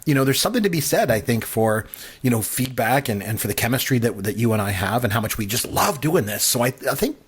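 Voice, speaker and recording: A man's voice: medium pitch, big pitch swings, quick pace, slightly rough. A man hosting a podcast, speaking in an earnest, reassuring way. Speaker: podcast host. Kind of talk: casual podcast chat.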